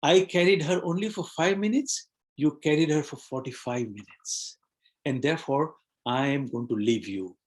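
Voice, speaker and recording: A calm, wise old monk speaks in a lowered, measured voice, as a man telling a fable puts him on. He delivers his answer steadily and without hurry. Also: lightly acted.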